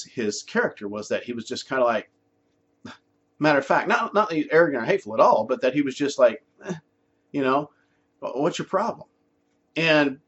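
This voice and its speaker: Husky lively man teaching spirituality. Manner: conversational, emphatic, acts out quotes in a high voice. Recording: dull lo-fi sound.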